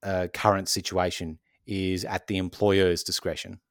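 A man co-hosting a podcast, calmly explaining things step by step with many "so essentially" fillers. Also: deep voice, a little slow, no echo, clean studio sound. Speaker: podcast co-host. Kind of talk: casual explanatory chat.

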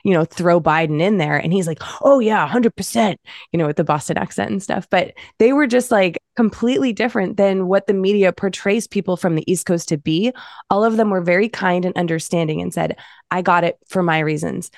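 Blunt, profane woman co-host, low-pitched. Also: a little fast, dry recording, clean studio sound. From Massachusetts, US. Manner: blunt, profane, animated storytelling. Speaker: podcast co-host. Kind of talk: casual podcast chat.

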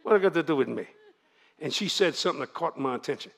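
Gravelly older Cajun preacher. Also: male voice, on the high side, fast talker, noisy background. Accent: Louisiana Cajun. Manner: folksy, animated, drawling. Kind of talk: storytelling sermon to a congregation.

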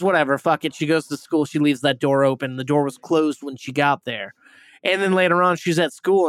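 A man's voice: a little high, fairly bright tone, dry recording. A man hosting a movie review podcast, retelling a plot in a rambling, casual way, full of fillers, restarts and swearing.

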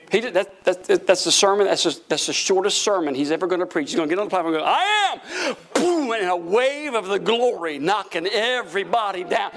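A man's voice: on the high side, gravelly. A man preaching a charismatic sermon, laughing often and repeating words for effect. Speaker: pastor.

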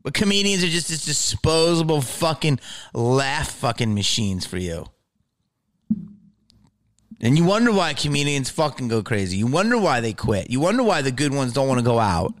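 A man's voice: medium pitch, very animated, normal speed. A male comedian and podcast host delivering a heated, profane, exasperated rant.

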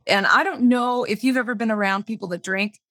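A woman's voice: a little high, fairly quick, fairly bright tone, no echo, studio quality. A woman guest on a podcast, candidly telling her own story in plain words and repeating phrases for emphasis. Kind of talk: personal storytelling interview.

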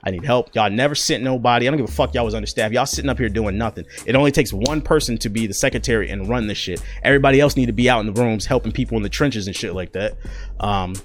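Young man, content creator, slangy and profane, rapid delivery, faint music behind. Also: lowish voice. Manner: profane, animated, slangy storytelling. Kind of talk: casual storytelling to camera.

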